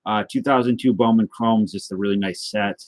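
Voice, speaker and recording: A man's voice: lowish voice, fairly even intonation, normal speed, no room sound. A man hosting a livestream, chatting casually and rambling as he answers viewer comments with self-deprecating jokes. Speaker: livestream host of a trading card and guitar show.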